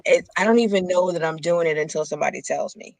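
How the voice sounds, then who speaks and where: A speaker in a casual conversation as a guest, lively and quick to laugh. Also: mid-range voice, creaky, background noise. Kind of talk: casual chat.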